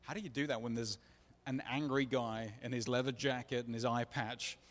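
Preacher giving a testimony, earnest, mid-pitched man, echoing hall. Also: fairly even intonation, moderate pace, fairly bright tone. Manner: earnest, confessional, acts out dialogue. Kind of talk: sermon testimony storytelling. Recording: long reverb of a large hall.

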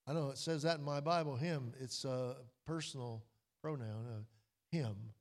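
A man preaching a sermon in a church hall, his slightly high voice carrying a long reverb. He talks in a folksy, storytelling way, sinking into quiet, drawn-out emphasis on key lines. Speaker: pastor.

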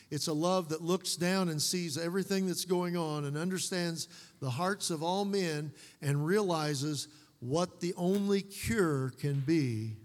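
Deliver as a folksy preaching man in a reverberant hall. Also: a little high. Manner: folksy, joking asides with slow emphatic repetition. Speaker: pastor. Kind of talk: sermon.

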